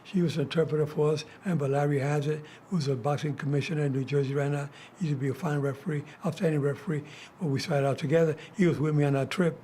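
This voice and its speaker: A man's voice: on the high side, steady tone, fast talker, warm tone, slight background noise. An older man hosting a talk show, telling casual stories with many restarts and fillers. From United States. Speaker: host. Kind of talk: casual storytelling chat.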